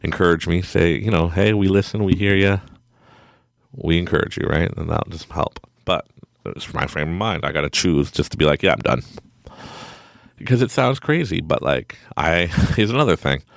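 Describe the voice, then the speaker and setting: A man's voice: low-pitched, animated, brisk, gravelly, dry recording, studio quality. A middle-aged man hosting a podcast from home at night, giving a rambling, self-deprecating motivational talk and laughing often. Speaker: podcast host. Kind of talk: casual motivational monologue.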